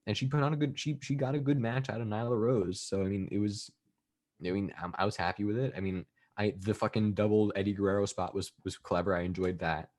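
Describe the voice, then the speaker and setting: A man's voice: lowish voice, steady tone, quick pace, a little mellow. A man co-hosting a wrestling podcast, rambling with many restarts and "I mean"s. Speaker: podcast co-host. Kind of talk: casual chat.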